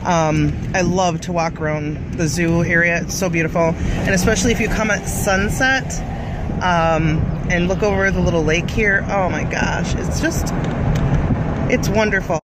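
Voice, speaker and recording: A woman's voice: on the low side, normal speed. Chatty woman vlogger over road noise. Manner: chatty and rambling, with fillers and asides. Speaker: cooking vlogger. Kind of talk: casual vlog chat. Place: car, then home kitchen.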